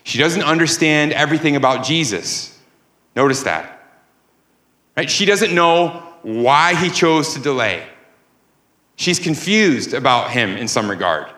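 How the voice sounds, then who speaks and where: Emphatic preacher in an echoey church. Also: male voice, on the high side, lively intonation, a little slow, sharp tone. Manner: emphatic, rising and falling preaching cadence. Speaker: pastor. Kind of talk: sermon. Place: church sanctuary.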